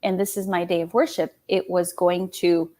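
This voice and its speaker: A woman in her thirties telling her own story in an interview, animated, laughing often and acting out quoted dialogue. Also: fairly low pitch, moderate pace. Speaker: guest, small business owner and designer.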